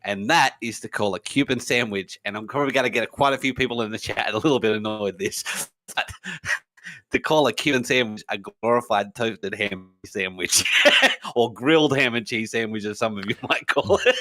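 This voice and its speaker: A man's voice: on the low side, normal speed, pushed and bright. A man co-hosting a casual podcast, teasing his co-host and laughing often.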